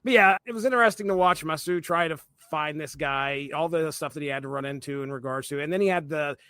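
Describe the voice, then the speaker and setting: A man's voice: on the high side, fast talker, bright, forceful tone, smooth, dry recording. A man co-hosting a comics podcast in casual chat, rambling with many fillers and restarts. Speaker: podcast co-host.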